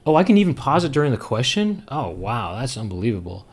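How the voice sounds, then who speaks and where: A man streaming a retro game, chatting casually and rambling, breaking into loud high singing of tunes. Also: sing-song, fast talker, slightly rough. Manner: rambling, hums and sings tunes loudly and high. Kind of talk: casual chat while gaming.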